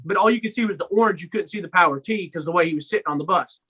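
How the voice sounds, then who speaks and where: Bright-voiced young man telling animated stories. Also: high voice, racing, breathy edge, rough recording. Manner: animated storyteller, acts out his own lines loudly. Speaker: podcast co-host. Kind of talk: casual sports podcast chat.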